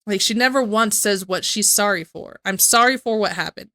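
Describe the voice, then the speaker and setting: A young woman comments on a video she is watching, in a loose, rambling way that keeps circling back in exasperation. Her voice is bright and forceful. The sound is dry and close to the mic. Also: mid-range voice, moderate pace, few pauses, no room sound. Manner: rambling, exasperated, repeats herself. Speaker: reaction streamer.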